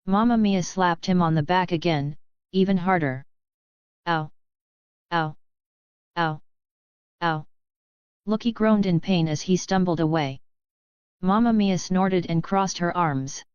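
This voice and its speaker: A woman reading a web novel aloud as an audiobook narrator, in a steady, even voice with little acting between the figures. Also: fairly low pitch, moderate pace, clear, resonant tone, no echo, dull audio.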